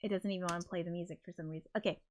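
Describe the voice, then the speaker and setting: A woman's voice: lowish voice, steady tone, racing, a little hiss or hum. A woman hosting a casual livestream, flustered and apologetic as she talks, swearing under her breath. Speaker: livestream host.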